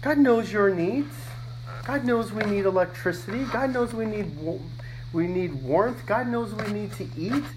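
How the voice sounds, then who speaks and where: A man's voice: high voice, expressive, a little slow, noisy background. A man preaching a sermon as pastor, reading scripture with emphasis and often repeating words as he thinks aloud.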